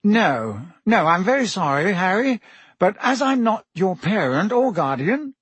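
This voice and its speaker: A man reading aloud puts on a blustering middle-aged wizard minister from a storybook, hearty and bluff but evasive. His voice is pitched well above the reader's own and pushed louder, with a husky edge. The sound is dry and close. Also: big pitch swings, measured pace, no room sound, full character voice. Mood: flustered.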